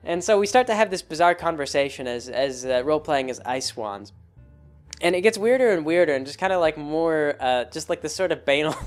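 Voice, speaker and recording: A man's voice: a little high, fairly quick, clear, resonant tone, faint music behind. A man hosting his show, telling a rambling story about a tabletop game with many restarts. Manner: rambling, animated, full of restarts. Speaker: host. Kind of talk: casual storytelling monologue.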